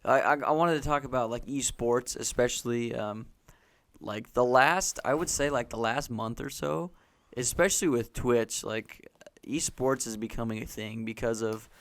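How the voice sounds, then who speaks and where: A man's voice: mid-range voice, moderate pace, fairly bright tone. Rambling male gaming podcaster. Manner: rambling, self-correcting, eager about gaming. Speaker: podcast co-host. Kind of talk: casual chat.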